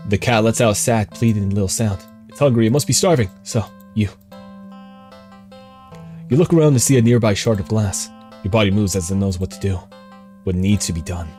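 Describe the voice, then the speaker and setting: A man's voice: on the low side, fairly quick, long pauses, a little mellow, soft background music. A young man livestreaming a horror game, reading the game text aloud and reacting with swearing and exclamations. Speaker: streamer.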